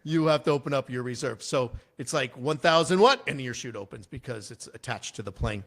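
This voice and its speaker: Man, former army officer, guest on a podcast; mid-range voice, animated storyteller with casual profanity. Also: mid-range voice, fairly quick.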